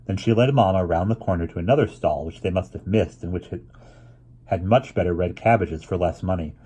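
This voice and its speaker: This is a male storybook reader working through a children's novel out loud. His voice is husky and low, and he keeps an unhurried, steady rhythm apart from a few stumbles and little restarts.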